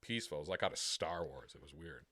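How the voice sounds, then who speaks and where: Man, very low voice, profane casual storytelling, podcast host, dead dry sound. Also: fast, no echo. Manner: crude, profane storytelling with lively imitations.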